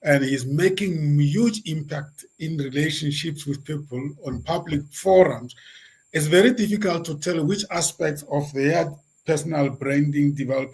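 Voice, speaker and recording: A man with a somewhat high voice hosts an online interview. He reflects aloud, often repeating words as he gathers his thought. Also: poor audio. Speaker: interviewer host.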